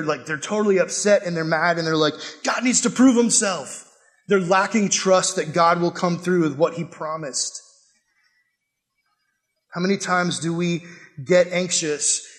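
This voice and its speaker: A man's voice: sits high, a bit bright. A man preaching a sermon, emphatic and conversational, with frequent rhetorical questions. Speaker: pastor.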